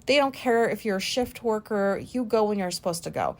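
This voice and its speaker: A woman in her forties, hosting a podcast and talking through an embarrassing memory in a candid, rambling way, self-conscious and quick to swear. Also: medium pitch, expressive, a little mellow. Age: 40s. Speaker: podcast host. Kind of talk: candid personal monologue.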